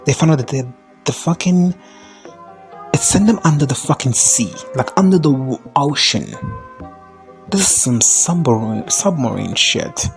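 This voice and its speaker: Man, casual recap vlog, swears a lot, rambling, mid pitch, faint music behind. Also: lively intonation, measured pace, creaky. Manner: profane, rambling, slips into high-pitched quoted voices. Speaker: recap vlogger.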